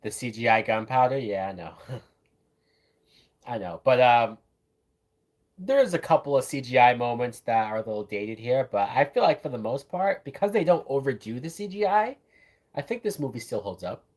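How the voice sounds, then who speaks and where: A man's voice: mid-range voice, lively intonation, normal speed, darkish tone. A man hosting a live watch-along, giving casual, profane, enthusiastic commentary on a film as it plays. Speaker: movie reaction host.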